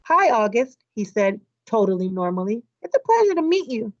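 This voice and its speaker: Woman, teacher, read-aloud storytelling, lively, voices the characters, dry dull recording. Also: fairly high pitch, moderate pace, no room sound. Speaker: teacher reading aloud to her class. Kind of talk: children's book read-aloud.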